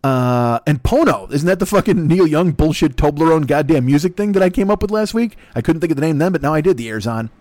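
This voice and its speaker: A man's voice: fairly high pitch, animated, fast, hardly any pauses, darkish tone, dry recording. An older man hosting a solo podcast, rambling through profane, self-mocking comic tangents into a laptop microphone. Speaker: podcast host. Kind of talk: solo comedic rant.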